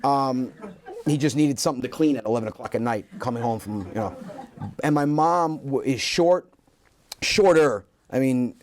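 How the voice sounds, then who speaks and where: A man, a comedian guest, telling lively stories in a casual interview and acting out what people said. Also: medium pitch, moderate pace. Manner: animated storyteller acting out quotes.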